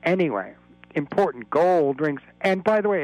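A man's voice: a little high, lively intonation, normal speed, dry recording, soft background music, low-quality recording. A man calling in to a radio talk show from Florida, explaining at length in a rambling, lecturing way. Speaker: caller. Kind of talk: call-in radio chat.

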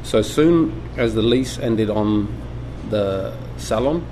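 A middle-aged man from England, a butcher shop owner talking in a documentary interview, relaxed and reflective with many ums and restarts. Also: fairly low pitch, slow. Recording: air conditioning hum behind.

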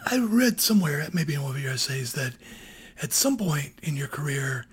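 A radio host with a breathy voice, reading an introduction and asking measured questions. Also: mid-range voice, sing-song. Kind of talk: scripted introduction and interview questions.

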